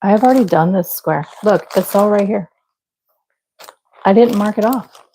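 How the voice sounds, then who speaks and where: A woman's voice: mid-range voice, moderate pace, warm tone, a little hiss or hum, low-quality recording. A young woman hosting a live crochet stream, chatting casually and laughing at herself while she works. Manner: chatty, self-deprecating, talks to viewers while working. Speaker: livestream crochet host.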